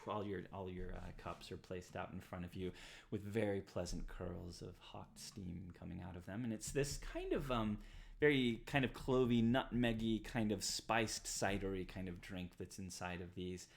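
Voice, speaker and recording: A woman's voice: extremely low pitch, moderate pace, creaky. A woman running a tabletop game as game master, narrating casually with many fillers and laughs.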